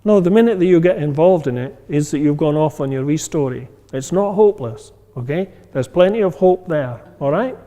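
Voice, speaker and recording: A man leads a meditation class in a relaxed, chatty way, often asking whether his listeners follow. His voice is mellow and sits a little high for a man. A long reverb trails his words, as if he were speaking in a hall. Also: fairly quick, few pauses. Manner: conversational, many fillers, acts out inner voices. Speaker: meditation teacher. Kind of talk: informal class talk.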